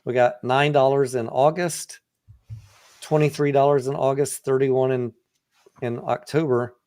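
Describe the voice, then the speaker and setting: A man's voice: medium pitch, fairly even intonation, measured pace, darkish tone, clean tone. Blunt, casual male stock-chat host. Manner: blunt, profane, conversational. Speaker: livestream host and stock trader. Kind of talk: casual livestream analysis.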